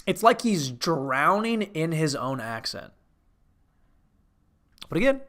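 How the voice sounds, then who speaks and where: Man, host of a comedy review show, higher-than-usual voice, rambling, self-correcting, profane. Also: big pitch swings, slow, long pauses, a bit bright.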